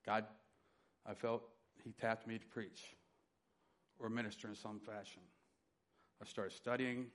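A middle-aged man preaching a sermon, telling his personal testimony with dynamic swings from loud emphasis to quiet. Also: fairly low pitch, steady tone, unhurried, pauses often. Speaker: pastor.

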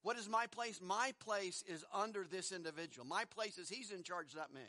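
A man's voice: high voice, normal speed, sharp tone, dry recording, studio quality. A middle-aged man preaching a sermon in a conversational way, posing rhetorical questions and chuckling between points.

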